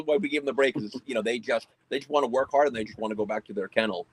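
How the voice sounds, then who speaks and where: An American man who owns a pest control company describes his dog-handling work in a casual interview. He talks fast in a medium-pitched voice, plain and matter-of-fact, on a low-quality recording.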